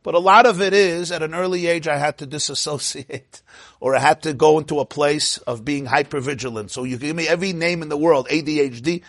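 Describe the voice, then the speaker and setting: Male rabbi-teacher, a bit high and husky, loose conversational lecturing with frequent laughs, dry sound. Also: brisk, fairly bright tone, no room sound. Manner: chatty, digressive, laughs often, quizzes listeners. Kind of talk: informal Torah class lecture.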